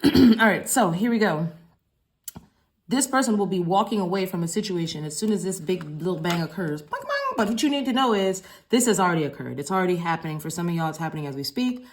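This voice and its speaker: A woman's voice: lowish voice, expressive, quick pace. A woman giving a casual collective tarot reading, talking in a loose, rambling, slangy way with frequent swearing and repeated phrases. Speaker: tarot reader.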